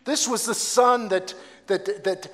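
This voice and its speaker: A man's voice: sits high, slow, fairly bright tone. A man preaching a sermon, telling a story dramatically and with emphasis. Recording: long hall reverb.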